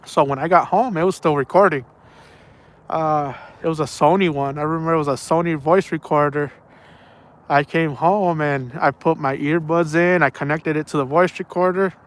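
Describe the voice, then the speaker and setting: A man with a fairly high pitch and fairly even intonation speaks at a moderate pace, casually telling a story outdoors at night on a night fishing trip. The angler rambles, repeats himself, and drops slang like "man" and "bro."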